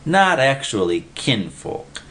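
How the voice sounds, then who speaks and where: A man's voice: mid-range voice, big pitch swings, slow pace, fairly bright tone, voice pushed up. A man voicing a well-read, lecturing male vagrant in a storybook reading. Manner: precise, lecturing, bossy.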